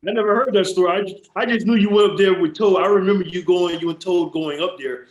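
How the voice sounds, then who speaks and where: A man with a somewhat raised pitch hosts a podcast, talking in a laid-back, casual way with loose swearing and quick laughs. His voice sounds roomy and a little dull, as if recorded in an echoey room on modest gear. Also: steady tone. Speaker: podcast host. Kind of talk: casual interview chat.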